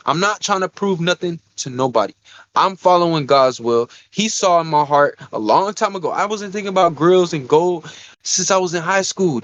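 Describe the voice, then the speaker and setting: A young man with a noticeably high voice rambles through a profane story on a casual podcast. He is recorded close and dry, with no room sound around him. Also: fairly bright tone, no room sound. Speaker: podcast co-host.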